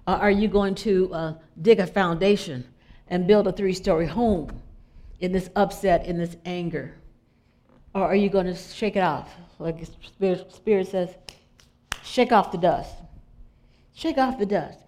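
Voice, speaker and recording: Preaching inspirationally at a normal speed, this middle-aged woman has a fairly low pitch and fairly even intonation. Her style is conversational: she poses questions to the audience and drifts into gentle, prayerful moments as a spiritual speaker.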